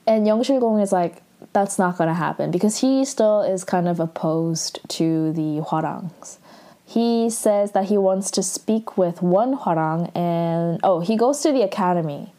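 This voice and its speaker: A woman's voice: fairly low pitch, unhurried, dark tone. A young woman casually recapping a TV drama, chatty and full of fillers, quoting the characters in her own voice.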